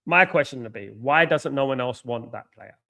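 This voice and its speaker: A man hosting a live football watchalong, chatting to viewers by name and reacting excitably to each moment of play. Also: mid-range voice, normal speed, gravelly. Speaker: watchalong host.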